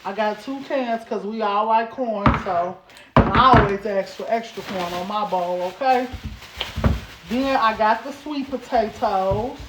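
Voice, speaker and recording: A woman vlogging at home as a mom, chatting casually to the camera in a playful, animated way and calling her viewers baby and girl. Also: medium pitch, measured pace, heavy background noise. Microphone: camera set up on a stand. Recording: roomy echo.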